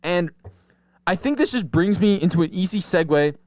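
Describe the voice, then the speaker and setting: Foul-mouthed comic podcast host, dry sound. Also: male voice, high-pitched, expressive, normal speed, a little mellow, no echo. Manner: profane, rambling, laughs at his own jokes. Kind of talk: casual comedic storytelling. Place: podcast studio.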